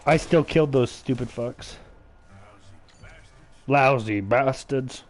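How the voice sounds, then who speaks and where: A man chatting loosely while he streams a game, piling on "like" and curse words as he rambles. His voice sits at an ordinary, middle pitch for a man. The talk is casual and unscripted. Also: slow pace, soft background music. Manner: rambling, heavy swearing, lots of filler "like". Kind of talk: casual chat while gaming.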